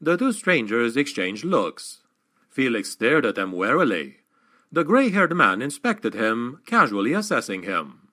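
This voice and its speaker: Man, audiobook narrator, expressive, dramatic, bright tone, lively pitch. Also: unhurried.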